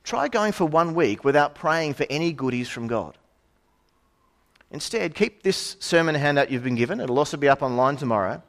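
A middle-aged man delivers a sermon. He sounds conversational, throwing in asides and rhetorical questions. His voice sits slightly high and swings widely in pitch. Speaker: preacher.

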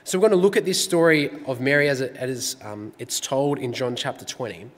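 A male pastor giving an earnest, measured sermon in a church. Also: medium pitch. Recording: church hall reverb.

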